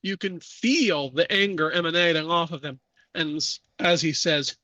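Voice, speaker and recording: A man narrating as game master of a tabletop horror game, measured with frequent fillers. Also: fairly high pitch, bright, forceful tone, no echo.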